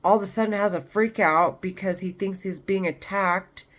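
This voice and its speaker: A woman's voice: mid-range voice, fairly even intonation, normal speed. A woman talking straight to camera in a rambling, agitated monologue, swearing often. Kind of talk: monologue vlog.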